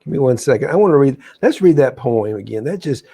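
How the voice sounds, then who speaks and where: Gravelly, husky man rambling on a livestream. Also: medium pitch, animated, fast talker, warm tone. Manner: rambling, enthusiastic, often restarts sentences. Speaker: livestream host. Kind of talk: casual spiritual livestream chat.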